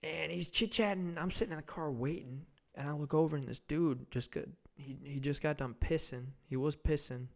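A man's voice: on the high side, moderate pace, gravelly, few pauses. Profane young man telling a rambling story. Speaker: podcast host. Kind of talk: casual storytelling chat.

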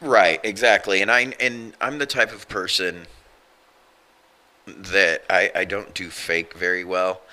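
A man's voice: low voice, steady tone, a little slow, sharp tone. A man in his forties talking casually and earnestly about his faith, blunt and self-deprecating. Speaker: co-host. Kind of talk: casual Christian podcast chat.

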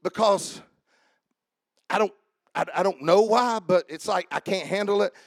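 Man, pastor, preaching a sermon, call-and-response, shouting then dropping low, gravelly texture, dry close sound. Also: a little slow, no room sound. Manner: joking with the congregation.

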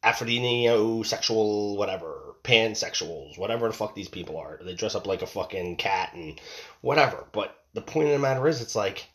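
A man's voice: lowish voice, animated, moderate pace, fairly bright tone. A man in his forties giving a casual monologue, rambling and emphatic, swearing and repeating himself as he tells a story about his family. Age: 40s. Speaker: father telling a story.

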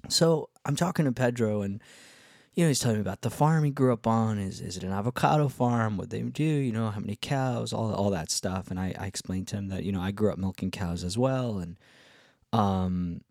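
A man's voice: fairly low pitch, a little fast, gravelly, a little mellow, dry recording, studio quality. A man telling a travel story in a casual, rambling way, full of fillers and cheerful swearing. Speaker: travel vlogger.

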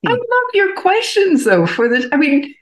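A woman's voice: extremely high pitch, big pitch swings, unhurried. A woman comedian who is a guest on a podcast, chatting casually and enthusiastically and laughing often. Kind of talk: casual interview chat. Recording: roomy echo.

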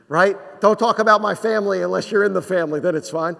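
A man from New Jersey preaching a sermon, conversational, with rhetorical questions and slow, dramatic pauses. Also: high-pitched, vocal fry, a bit bright, in a large hall. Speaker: pastor.

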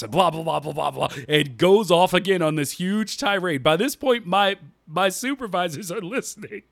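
A man telling funny stories in a casual, animated way, laughing often and dropping his voice low and calm when he quotes himself. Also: moderate pace, vocal fry, few pauses, dry recording. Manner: uses "y'all" and slang. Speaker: podcast guest storyteller. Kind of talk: casual storytelling.

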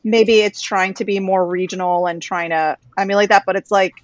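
A woman's voice: mid-range voice, steady tone, normal speed, dry recording, muffled recording. A woman chatting casually and frankly, often restarting her sentences, over a video call. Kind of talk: casual chat.

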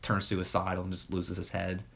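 A young man chatting casually in a slangy, laid-back way, swearing freely. His voice sits on the low side. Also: monotone, moderate pace, gravelly, fairly bright tone, slight background noise. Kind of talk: casual chat.

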